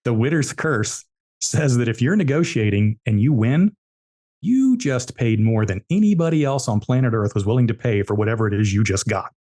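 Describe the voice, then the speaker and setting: A man's voice: mid-range voice, expressive, moderate pace, warm tone. A man, an entrepreneur guest on a podcast, telling business stories emphatically and repeating his key points. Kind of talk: storytelling interview answers.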